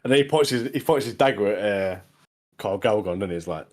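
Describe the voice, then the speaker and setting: Guy with a lower voice, hyped on a podcast, lots of uh and repeats. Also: expressive, a little mellow. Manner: enthusiastic, halting with repeated words and fillers. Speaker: podcast co-host. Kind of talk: casual chat.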